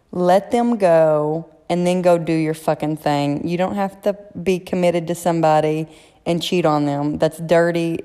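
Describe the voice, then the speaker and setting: A woman's voice: lowish voice, mellow, smooth, in a large hall. A woman hosting a casual solo podcast, giving blunt, profane, frank advice. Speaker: podcast host.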